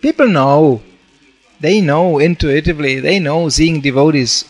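A man's voice: fairly high pitch, a little slow. Storytelling man preaching a sermon. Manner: storytelling with acted-out quotes, frequent "you know". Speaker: monk preacher.

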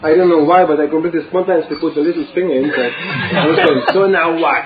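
A man's voice: fairly high pitch, racing, loud music behind the voice. Man telling laughing anecdotes. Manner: chatty, laughing storyteller acting out dialogue. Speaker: devotee speaker. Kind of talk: informal religious talk with anecdotes. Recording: echoey phone-like recording with audience.

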